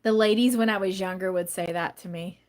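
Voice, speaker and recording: A woman's voice: medium pitch, fairly even intonation, brisk, darkish tone. A woman from the United States, a manifestation coach chatting casually on a livestream and answering viewers' comments.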